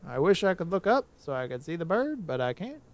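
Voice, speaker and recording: A man streaming a game, rambling in casual commentary with sudden excited outbursts. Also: fairly high pitch, brisk.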